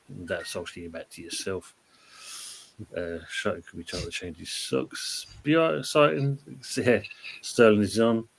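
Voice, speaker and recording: A man hosting a casual football chat show, reading viewer comments aloud in a laid-back way. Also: mid-range voice. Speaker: podcast host reading live chat.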